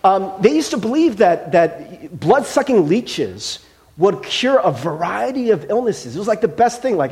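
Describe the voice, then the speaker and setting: Animated, joking male pastor. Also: sits high, unhurried. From Cincinnati, Ohio. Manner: animated and joking, acting out quoted voices. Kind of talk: conversational sermon.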